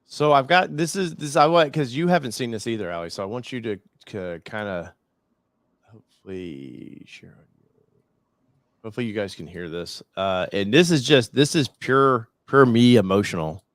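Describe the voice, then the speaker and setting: A man hosting a live talk show, chatting casually in a rambling, excitable way with frequent restarts. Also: mid-range voice, moderate pace, no room sound. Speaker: show host. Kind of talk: casual chat.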